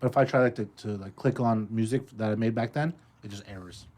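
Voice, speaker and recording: A man on a casual talk show, talking quickly and leaning on fillers. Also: fairly low pitch, darkish tone. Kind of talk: casual chat.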